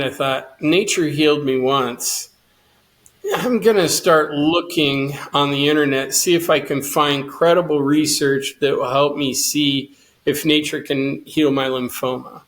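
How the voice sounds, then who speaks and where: A man's voice: fairly high pitch, fairly bright tone. Earnest middle-aged man telling his story. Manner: earnest storyteller acting out dialogue. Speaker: guest. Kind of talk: storytelling interview.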